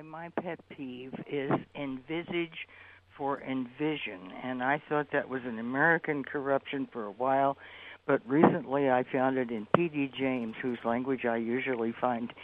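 Polite male caller, middling pitch, phone-line thin. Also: fairly even intonation, a little slow. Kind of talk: radio call-in.

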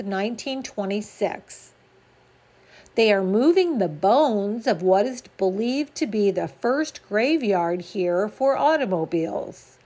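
Woman news reader, local radio bulletin, unhurried and deliberate, mid-pitched voice. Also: darkish tone. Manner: measured, deliberate delivery with occasional stumbles.

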